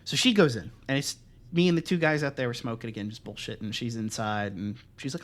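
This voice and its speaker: A young man co-hosting a podcast, telling a story in casual, profane chat and acting out the other voices loudly. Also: medium pitch, fast talker. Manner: animated, profane, acts out quoted voices loudly. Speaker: podcast co-host.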